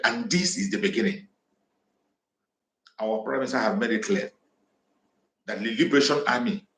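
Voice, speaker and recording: A man from southeastern Nigeria, making fiery, repetitive, defiant declarations as he hosts an impassioned livestream address on a home microphone. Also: mid-range voice. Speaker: activist livestream host. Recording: echoey room.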